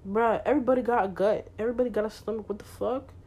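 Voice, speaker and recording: A woman's voice: on the high side, fairly even intonation, very fast, warm tone, husky. A teenage girl hosting her own podcast, talking candidly in a slangy, chatty way with lots of fillers. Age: teens. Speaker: podcast host. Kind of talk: casual solo podcast chat.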